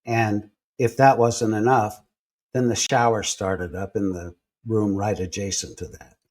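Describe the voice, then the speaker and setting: A man telling personal stories in a relaxed interview, acting out the people he quotes as he goes. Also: lowish voice, a little slow. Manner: animated storyteller acting out quoted voices. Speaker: guest. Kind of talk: storytelling in a conversational interview.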